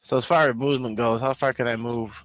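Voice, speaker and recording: Male player, medium pitch, laid-back casual delivery. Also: steady tone, quick pace, fairly bright tone, no room sound. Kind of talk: casual tabletop game chat.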